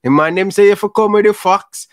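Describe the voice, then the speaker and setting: A man's voice: high voice, a little fast, no echo, studio quality. A man with a Jamaican accent hosting a football talk show, apologetic and laughing often, repeating "brother". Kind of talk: casual argumentative chat.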